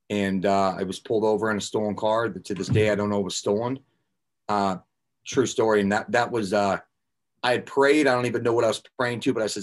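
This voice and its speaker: A man's voice: on the low side, fairly even intonation, normal speed. A man guest on a podcast, telling his own recovery story candidly, blunt and raw with casual swearing and filler words.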